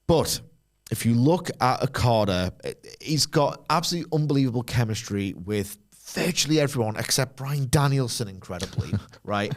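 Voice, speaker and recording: A man talking casually as co-host of a podcast. He rambles through his points, throwing in jokes and quick asides. His voice sits at an ordinary middle pitch. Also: animated. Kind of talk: casual chat.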